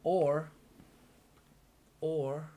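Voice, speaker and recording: A man streaming his trading session, thinking aloud in a casual, unhurried way with pauses and restarts, sleepy and yawning. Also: fairly high pitch, level tone, mellow. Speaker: day trader streaming a live trading room.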